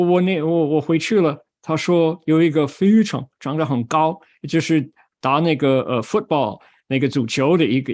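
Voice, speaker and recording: Older monk telling a story. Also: male voice, mid-range voice, a little mellow. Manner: switches between Mandarin and English, acts out quoted voices. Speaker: Buddhist monk giving a Dharma talk. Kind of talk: storytelling talk.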